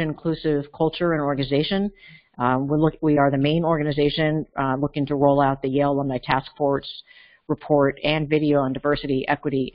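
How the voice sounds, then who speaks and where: A woman leading a nonprofit board, giving an earnest organizational update at an online meeting and restarting words mid-way. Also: rumbling low. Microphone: video call. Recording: dull lo-fi call audio.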